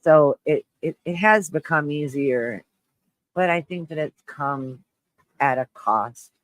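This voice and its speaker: A man hosting a live stream, chatting with viewers in a low, shaky-voiced mood, halting and restarting as he rambles. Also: a bit bright, dry recording, low-quality recording. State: shaky voice, close to tears. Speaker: livestream host.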